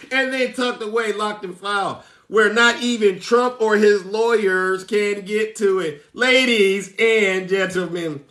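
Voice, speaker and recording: Theatrical high-voiced man streaming live. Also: takes it slowly, pushed and bright, reverberant. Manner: theatrical, teasing, laughs often; greets viewers by name. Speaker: livestream host. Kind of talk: live commentary reading news.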